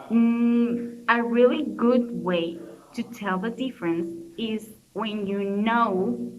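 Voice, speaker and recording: This is a young Colombian woman in her native-Spanish English, walking through a class topic step by step at a middle pitch. She explains patiently and often restarts her phrases. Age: young adult. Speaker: student presenter. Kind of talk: recorded class presentation.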